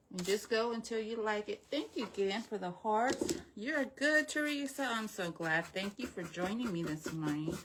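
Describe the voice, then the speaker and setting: Chatty woman doing a craft livestream, unhurried talk, stuffy nose, noisy background with clicks. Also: on the low side. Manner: chatty, self-deprecating, greets viewers by name. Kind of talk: chatty live craft demonstration.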